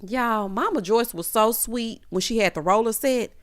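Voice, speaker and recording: A woman's voice: on the high side, moderate pace, smooth. A woman hosting a casual reality TV recap, telling it with sassy, dramatic flair and lots of 'honey' and 'child'.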